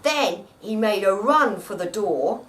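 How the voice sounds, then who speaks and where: A woman's voice: medium pitch, expressive, takes it slowly, recorded from a distance, poor audio. An actress chatting at home in an interview, rambling and often repeating her words. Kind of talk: casual interview chat. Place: at home, indoors.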